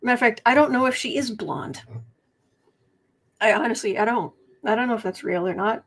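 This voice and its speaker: A woman's voice: a little high, fairly quick. A woman doing casual livestream commentary as a tarot reader and political commentator, chatty and sardonic, reading viewer comments aloud.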